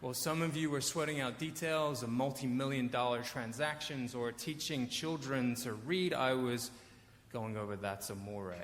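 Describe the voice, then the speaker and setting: Self-mocking pastor in an echoey hall. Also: male voice, mid-range voice, moderate pace, a bit bright, slight background noise. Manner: self-deprecating storytelling, wry asides. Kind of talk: sermon. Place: church sanctuary.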